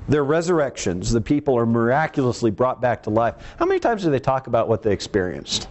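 A man's voice: mid-range voice, sing-song, fast, darkish tone. A man preaching a teaching sermon in a conversational way, acting out the quoted lines in voices of their own.

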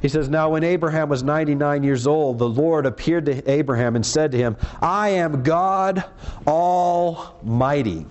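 A man preaching a sermon in an earnest, emphatic way, reading scripture aloud and slowing down on the words he wants to stress. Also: fairly high pitch, steady tone, darkish tone, dull audio.

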